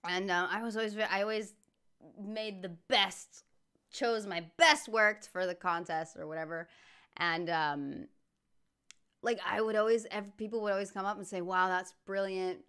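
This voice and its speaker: Animated, clear-voiced woman ranting casually. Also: mid-range voice, moderate pace. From United States. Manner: animated, frequent fillers and restarts, swears casually. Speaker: reaction channel host. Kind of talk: casual reaction rant.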